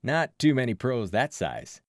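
A man's voice: medium pitch, unhurried, no echo, clean studio sound. A man voicing a cheerful, talkative adult baseball fan in an audiobook. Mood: chatty. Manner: excited, talkative. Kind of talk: audiobook character voice.

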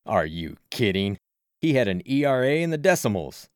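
A man voicing a loud, blunt, protective adult friend in an audiobook. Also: mid-range voice, sing-song, moderate pace, clear, resonant tone, no echo, clean studio sound, close to an everyday voice. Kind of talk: audiobook character voice.

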